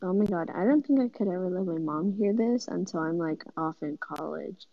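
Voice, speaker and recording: Teen girl podcaster, giggly storyteller, low gravelly voice, slightly muffled recording. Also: expressive, a little fast. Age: teens. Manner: giggly, rambling, acts out her mom in quotes. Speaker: podcast co-host. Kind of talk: casual chat.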